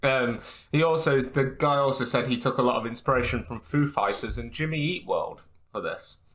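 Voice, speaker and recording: Man, bright forceful voice, casual podcast chat, hesitant, stops and restarts. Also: mid-range voice, moderate pace. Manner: hesitant, lots of fillers and restarts. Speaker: podcast co-host reviewing an album.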